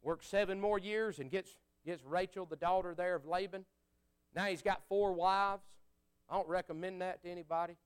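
A man preaching a sermon, folksy and conversational, swinging from fiery outbursts to quiet asides. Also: sits high, fairly even intonation, moderate pace, clean tone.

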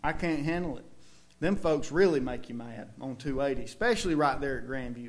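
A man's voice: mid-range voice, lively intonation, a little fast. A man with a Southern US accent preaching a sermon in a church, folksy and conversational, with emphatic outbursts.

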